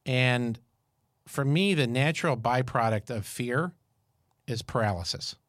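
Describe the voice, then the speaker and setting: A man's voice: medium pitch, measured pace, dry recording, studio quality. Fifty-something man telling a story. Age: 50s. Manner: storytelling, animated and jokey. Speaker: podcast co-host. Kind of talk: casual chat.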